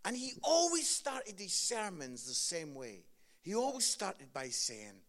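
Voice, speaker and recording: A man's voice: fairly high pitch, unhurried. A man with an Edinburgh Scottish accent, a guest preacher giving a comedic sermon and teasing the crowd. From Scotland. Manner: jokey, animated, teasing the crowd.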